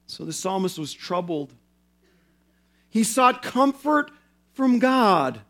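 A male pastor preaching a sermon in an earnest way, slowing down and repeating phrases for emphasis. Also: high voice, big pitch swings, a bit bright.

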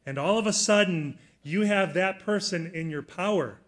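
A middle-aged man preaching a sermon, telling a personal story in an earnest way that rises to loud emphasis. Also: high-pitched, moderate pace.

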